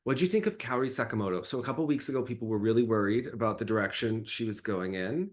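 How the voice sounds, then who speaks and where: A man hosting a casual skating chat, teasing and lively, with quick asides. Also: mid-range voice. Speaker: host.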